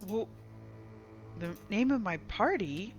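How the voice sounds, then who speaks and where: A woman narrating as dungeon master in a casual, halting way, with faint music behind. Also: medium pitch, lively intonation. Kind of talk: narrating a tabletop game.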